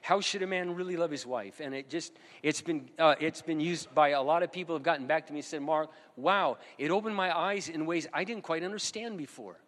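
A man's voice: on the high side, a little fast, hardly any pauses, a bit bright. A middle-aged pastor preaching a sermon, earnest and emphatic, repeating his key phrases. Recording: long hall reverb.

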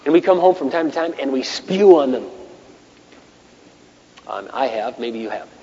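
A man's voice: medium pitch, animated, moderate pace, dull audio, slight background noise. Impassioned preacher man in an echoey hall. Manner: impassioned, swings from hushed asides to shouted bursts. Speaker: pastor. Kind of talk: sermon.

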